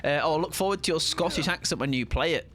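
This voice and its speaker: A man's voice: on the high side, quick pace, a crowd in the background. A man, chatting playfully while live-streaming a game and greeting viewers. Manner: playful, chatty, jokey asides. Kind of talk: casual live-stream commentary.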